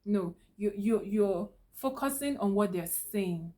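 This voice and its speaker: A woman of middle pitch speaks straight to the viewer in a calm, instructive tone. She hosts her own advice channel and checks in often with a rhetorical "okay?". Her delivery stays even and reassuring. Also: takes it slowly. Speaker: channel host giving business tips. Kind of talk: direct-to-camera advice talk.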